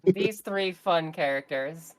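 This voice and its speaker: Woman, co-host, bubbly, quick reactions, casual chat, faint hiss. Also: fairly low pitch. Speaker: co-host player. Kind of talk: casual post-game chat.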